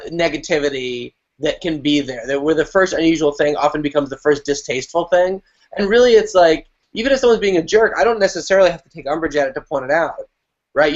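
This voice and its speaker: A man with a fairly high voice talks about teaching improv, animated and quick with profane asides. His audio sounds muffled and lo-fi, as over a video call. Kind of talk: casual panel chat.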